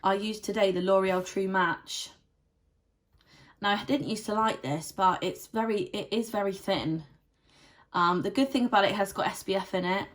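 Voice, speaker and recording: A woman's voice: medium pitch, moderate pace. A young woman giving a casual beauty product review, chatty and rambling with lots of "like" fillers. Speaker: beauty vlogger.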